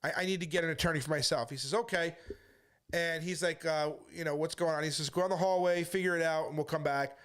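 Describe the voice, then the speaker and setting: Defensive high-voiced male street preacher. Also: steady tone, quick pace, a bit bright, clear, resonant tone. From United States. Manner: defensive, storytelling, acts out quoted voices. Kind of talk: casual monologue to camera.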